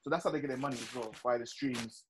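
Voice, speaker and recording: A young man in a casual chat, excitable, laughing and stumbling over his words. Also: mid-range voice, fast, slight background noise. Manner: excitable, laughs often, stammers.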